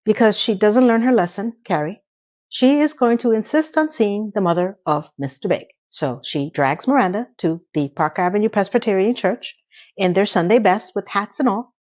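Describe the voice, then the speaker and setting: A woman hosting a casual TV episode recap, telling scenes with animated storytelling. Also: mid-range voice, moderate pace, highs cut off. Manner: animated storytelling, breaks into laughter. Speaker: recap host.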